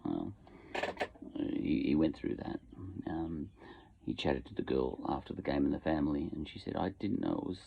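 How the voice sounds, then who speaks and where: With an extremely low, husky voice full of vocal fry, an Australian man hosts his podcast from a home shed at a moderate pace. His talk wanders casually through fillers and asides, captured in tinny, phone-like lo-fi audio.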